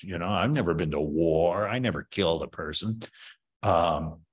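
In an interview, a martial arts master in his seventies gives opinionated, rambling answers packed with fillers. He speaks at a normal speed in a low-pitched voice.

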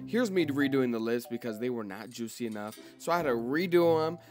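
A man's voice: medium pitch, lively intonation, a little fast. A young man giving a chatty, casual voice-over about his craft project. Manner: chatty, confiding. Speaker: craft vlogger. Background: music.

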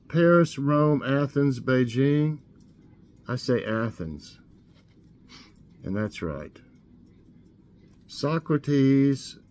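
A man hosting a casual trivia show, reading questions aloud and thinking out loud as he guesses. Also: mid-range voice, a little hiss or hum. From Tennessee. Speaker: host.

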